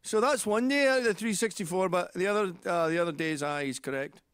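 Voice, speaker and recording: A man voicing a Glaswegian man with a Glaswegian accent, giving a measured, hedging reply. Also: high voice, fairly bright tone, clear, resonant tone, no room sound, studio quality, voice pushed up. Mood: wistful.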